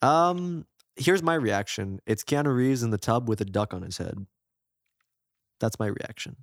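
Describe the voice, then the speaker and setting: A man's voice: mid-range voice, measured pace, dry recording, clean studio sound. A young man co-hosting a podcast, talking loosely and laughing, often dropping into silly impressions. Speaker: podcast co-host. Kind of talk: casual banter.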